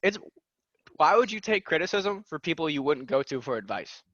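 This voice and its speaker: Young male podcast guest, bright forceful voice, lively storyteller, dull dry call audio. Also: on the high side, normal speed, no echo. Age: young adult. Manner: animated storytelling, acts out quotes. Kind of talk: casual podcast chat.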